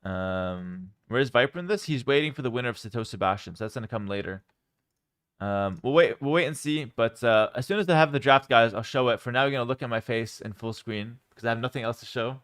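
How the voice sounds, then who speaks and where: A young man from Canada reading and answering chat questions on a casual livestream from home, relaxed and rambling, with lots of ums and repeated words. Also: medium pitch, quick pace, smooth.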